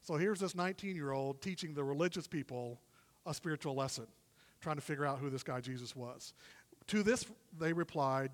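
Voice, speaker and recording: A male guest preacher gives a sermon in a conversational, animated way and acts out the quoted dialogue as he retells it. His voice sits a little higher than most men's. The sound trails off in the long reverb of a church hall. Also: fairly quick. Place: church service in a warm room.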